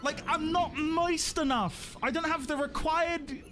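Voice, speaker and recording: Excitable high-voiced woman streamer. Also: unhurried. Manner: excitable, squealing and laughing a lot. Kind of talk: casual live-stream chat while playing. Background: music.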